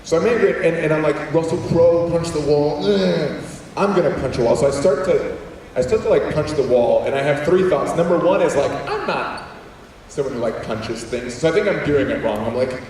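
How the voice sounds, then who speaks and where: A young adult man telling funny stories as a guest speaker in a large school auditorium, animated and acting out quotes in voices. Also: fairly high pitch, fairly quick, a little hiss or hum. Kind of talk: comedic storytelling talk. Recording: echoey hall, distant mic.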